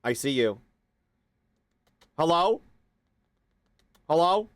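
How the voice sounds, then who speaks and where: Lively-voiced man chatting on a livestream. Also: fairly high pitch, drawn-out words, dry recording, studio quality. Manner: chatty, greets viewers by name, coos at his pet. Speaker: streamer. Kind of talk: casual livestream chat.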